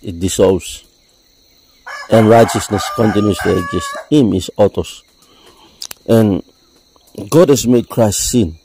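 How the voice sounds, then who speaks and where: A man preaching a sermon, explaining step by step with frequent "you see" and a deliberate delivery. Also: fairly low pitch, warm tone, dry recording, poor audio.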